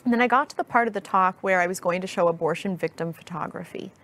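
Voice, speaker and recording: A woman guest in her thirties, telling a personal story in an interview, earnest and heartfelt, speaking slowly and deliberately. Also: fairly low pitch, a bit bright.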